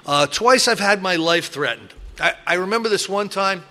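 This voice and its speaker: A middle-aged man in recovery telling stories from his drinking past in a casual, animated way, acting out other people loudly and restarting his sentences often. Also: high voice, normal speed. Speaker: recovering alcoholic sharing his story. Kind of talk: casual storytelling talk.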